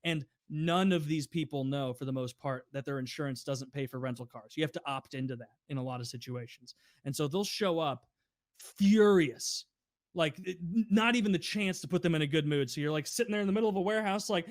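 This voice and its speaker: Young adult male podcast co-host, animated storyteller, slightly higher pitch, dry close-mic sound. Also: a little fast, no echo. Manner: animated, swearing, acts out quoted customers. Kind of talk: casual storytelling.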